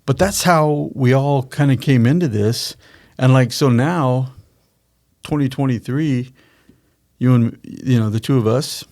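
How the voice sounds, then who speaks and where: A man's voice: medium pitch, unhurried, a little mellow. A middle-aged man hosting a podcast, telling a family business story in a rambling, self-correcting way and acting out quoted dialogue. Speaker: podcast host, company founder. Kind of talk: casual storytelling chat.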